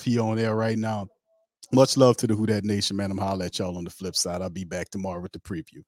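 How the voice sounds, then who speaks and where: A man's voice: on the low side, little pitch movement, fast, a little mellow, dry recording, studio quality. A man hosting a sports talk show, telling a rambling, joking story in a loose, slangy way. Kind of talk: casual comedic sports talk.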